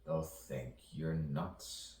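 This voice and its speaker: Very deep-voiced man reciting slow poetry. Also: steady tone, a little mellow. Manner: rambling, rhythmic, repeats phrases, muses to himself. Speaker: poet. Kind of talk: spoken-word poetry soliloquy. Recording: roomy echo, distant mic, faint background noise.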